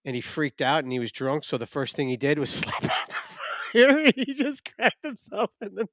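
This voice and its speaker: A man's voice: fairly high pitch, big pitch swings, normal speed, a bit bright, no room sound. A man co-hosting a podcast, bantering with crude jokes. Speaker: co-host. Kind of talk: casual podcast chat.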